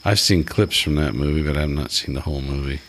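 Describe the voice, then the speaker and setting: An older man, rambling through old stories in casual chat with halting restarts. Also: rumbling low, a bit bright. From Alabama.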